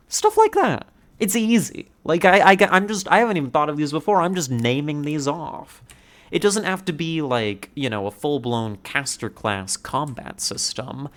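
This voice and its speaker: A male streamer chatting casually on a live stream. His voice sits at an ordinary, middling pitch. He rambles from thought to thought with eager excitement and tosses in casual swearing.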